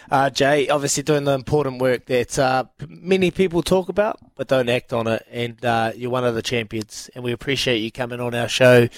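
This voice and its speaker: A man's voice: medium pitch, no echo. A man with a New Zealand accent hosting a radio show, chatting in a friendly way. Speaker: radio host. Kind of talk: radio chat.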